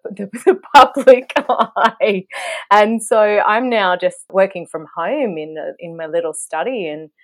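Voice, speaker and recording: Woman, Australian accent, podcast guest, casual chat, frequent laughter, rambling. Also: on the low side. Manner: laughs often, rambling, self-deprecating. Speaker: guest, actor and comedian.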